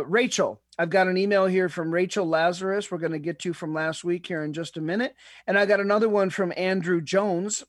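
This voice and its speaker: A man hosting a Bible-teaching show, preaching emphatically with repeated phrases and reading scripture aloud slowly. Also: high voice, no echo, clean studio sound. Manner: emphatic and repetitive, piling up phrases; reads scripture aloud in a slow, deliberate way. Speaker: radio Bible teacher and host. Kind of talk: sermon-style Bible teaching.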